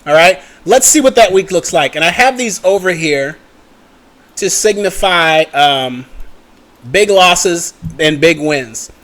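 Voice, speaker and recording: Young male trading teacher, high-pitched, conversational, talks straight to the viewer. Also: lively intonation, takes it slowly, fairly bright tone. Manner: chatty, checks in with "okay?" and "right?" often, mutters at his computer. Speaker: trading educator. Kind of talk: casual screen-share lesson.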